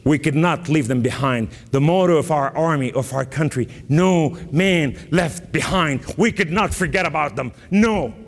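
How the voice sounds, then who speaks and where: A man from Lebanon preaching an emphatic testimony sermon with sudden rises and dramatic pauses. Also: on the high side, expressive, creaky, long reverb tail. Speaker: guest preacher.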